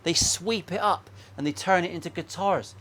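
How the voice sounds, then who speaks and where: A man's voice: high-pitched, normal speed, fairly bright tone. A man, a guitar maker and channel host, ranting bluntly and profanely in a casual opinion vlog from his workshop.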